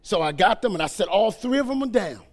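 An older man preaching a storytelling sermon, animated and calling out "amen?" and "all right?" to his congregation. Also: sits high, brisk.

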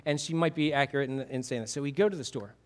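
A man's voice: mid-range voice, fast. A middle-aged man preaching a sermon in a conversational way, asking the congregation questions and often repeating himself. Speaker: pastor.

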